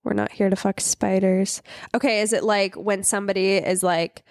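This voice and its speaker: A woman's voice: mid-range voice, little pitch movement, moderate pace, gravelly, darkish tone, dry recording. Competitive sweary woman on a podcast, dry close mic. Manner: brash, competitive, swears a lot. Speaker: guest. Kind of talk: casual podcast banter.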